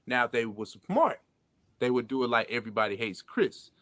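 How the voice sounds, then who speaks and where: A man's voice: mid-range voice, very animated, normal speed, fairly bright tone, dry recording. Give me a talkative male podcast host riffing loosely on movies, recorded dry and close. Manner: loose, profane, chatty riffing. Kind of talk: casual pop-culture chat.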